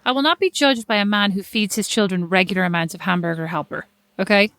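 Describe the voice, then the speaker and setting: A woman's voice: medium pitch, quick pace, a bit bright, clean tone, no room sound. A woman with an Irish accent co-hosting a podcast, teasing and mock-judging her sister. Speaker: podcast co-host. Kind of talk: casual chat.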